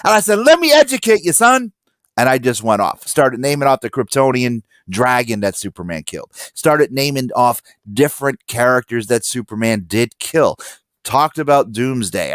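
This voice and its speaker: A man telling stories in a casual podcast chat, acting out quotes loudly. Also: medium pitch, moderate pace, no echo, clean studio sound. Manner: animated storyteller, acts out quotes loudly. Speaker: podcast guest.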